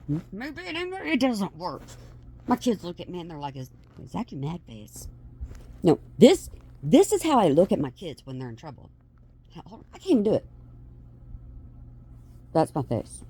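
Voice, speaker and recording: Her voice sits on the high side, with a little background noise audible. This vlogging mom talks to her audience in a loose, lively way, frequently drifting off mid-thought and beginning again.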